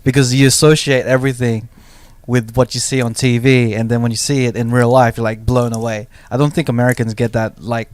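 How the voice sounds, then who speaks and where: A man co-hosting a podcast, talking in an animated, rambling way. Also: mid-range voice, fairly quick, clean tone, dry recording. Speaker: podcast co-host. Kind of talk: casual chat.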